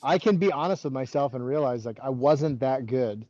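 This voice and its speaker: Man, forties, podcast guest, rambling storyteller, mellow voice, dull dry recording. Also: mid-range voice, moderate pace, no echo. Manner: rambling, heavy use of "like" and restarts. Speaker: podcast guest, former wrestling coach. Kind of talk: casual interview storytelling.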